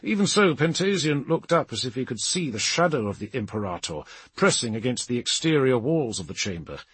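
A male audiobook narrator with a husky voice reads with dramatic, expressive delivery, his pitch rising and falling in a lively way. The recording is dry and close, with no room sound. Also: a little fast, no room sound. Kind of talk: scripted narration.

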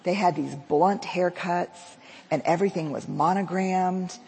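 A woman telling a personal story to an audience, lively and acting out the dialogue she quotes. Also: on the low side, measured pace, vocal fry, slight background noise. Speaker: public speaker. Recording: long reverb of a large hall.

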